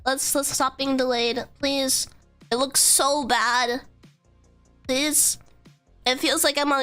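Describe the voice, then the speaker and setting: A sick woman with a hoarse voice chats on a live stream, giggling and squealing her hellos. Her voice sits high and bright, and she talks at an unhurried pace with a steady stream of chatter from her bedroom setup. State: hoarse from illness. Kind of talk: casual live-stream chat.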